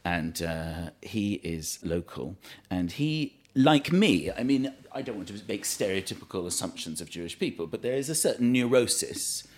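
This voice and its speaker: A man telling a funny story in casual chat, self-deprecating and animated. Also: on the low side, moderate pace, few pauses. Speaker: guest storyteller.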